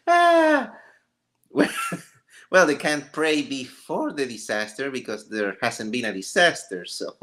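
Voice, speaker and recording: A man's voice: mid-range voice, fairly bright tone. A man hosting a casual live stream, joking and ranting with frequent laughter. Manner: laughs often, jokey and rambling.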